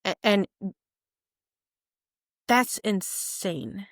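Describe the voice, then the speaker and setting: A young woman co-hosting a podcast in casual chat, animated and jokey, acting out quotes. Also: medium pitch, very slow, no room sound, studio quality. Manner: animated, jokey, calls co-host "friend", acts out quotes. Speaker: podcast co-host.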